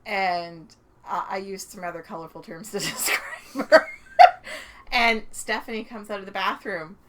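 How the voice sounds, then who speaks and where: Co-hosting a podcast, a Canadian woman tells chatty stories with frequent laughter and acted-out quotes. Her medium-pitched voice is a bit bright and measured in pace, with slight background noise.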